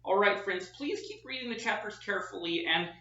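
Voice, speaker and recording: Professor type, a man with a higher, bright voice, lecturing chattily at a whiteboard; recorded from afar, dull and roomy. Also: lively intonation, brisk. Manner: chatty, self-deprecating teaching. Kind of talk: classroom lecture. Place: classroom with whiteboard. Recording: echoey, distant, dull room sound.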